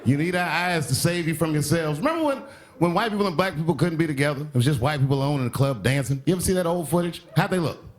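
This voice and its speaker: A male stand-up comedian doing a monologue. He swings between deadpan and sharp outbursts. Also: on the high side, fast. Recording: TV broadcast with live audience laughter. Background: studio audience laughing.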